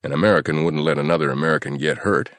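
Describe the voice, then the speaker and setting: A man playing a calm, coaxing good-cop soldier. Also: extremely low pitch, racing, dry recording.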